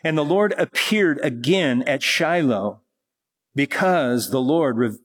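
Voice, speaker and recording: Male pastor, Bible-teaching sermon, slow measured delivery with emphatic repetition. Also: a little high, lively intonation, husky. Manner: slow, deliberate, rises in emphasis with repeated phrases.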